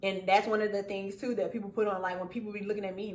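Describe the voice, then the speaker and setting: A woman's voice: mid-range voice, fast talker, a little hiss or hum. A woman host, chatting casually and animatedly, often laughing and acting out what others say. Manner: animated, laughing, acts out quotes. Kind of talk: casual chat. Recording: echoey room, far from mic.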